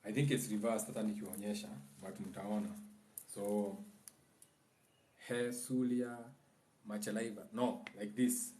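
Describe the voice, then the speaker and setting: A man with a Kenyan accent, a spiritual teacher giving a casual livestream lesson, explaining in a loose, chatty way and now and then chanting phrases slowly. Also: fairly low pitch, steady tone, mellow, a little hiss or hum.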